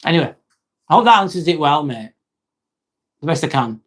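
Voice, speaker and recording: A man's voice: fairly high pitch, big pitch swings, moderate pace, long pauses. A man, chatting bluntly and casually with viewers on a livestream, full of "um" and "mate". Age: 40s. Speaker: livestream host and nurse.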